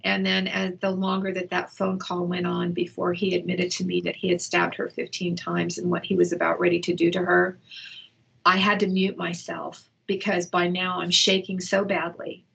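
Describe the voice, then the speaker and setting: Gravelly, husky middle-aged woman, shaken. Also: on the low side, monotone, fairly bright tone, rough recording. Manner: halting, emotional retelling with restarts. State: shaken, upset. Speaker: interview guest, mother. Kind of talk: personal account in an interview. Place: indoors at home.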